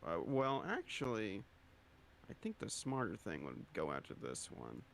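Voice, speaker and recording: A man's voice: on the low side, huge pitch swings, a little slow, vocal fry, a bit bright, a little hiss or hum. A man playing a tabletop role-playing game, chatting casually and hesitantly, with playful swearing.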